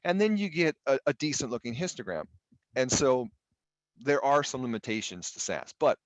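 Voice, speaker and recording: A man's voice: medium pitch, dry recording. A middle-aged man teaching a statistics class online, casual and jokey with exasperated asides and mild swearing. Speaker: statistics instructor. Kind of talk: live online class lecture.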